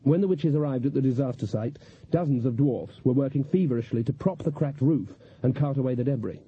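A man giving a dry, measured scripted audiobook narration on a slightly dull lo-fi recording. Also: mid-range voice, breathy edge.

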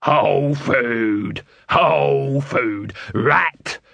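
A man voicing a pushy street vendor shouting his wares. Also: mid-range voice, very slow, vocal fry, dry recording, heavily acted. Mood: indignant hawking. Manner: loud wheedling sales patter. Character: pushy male street food hawker.

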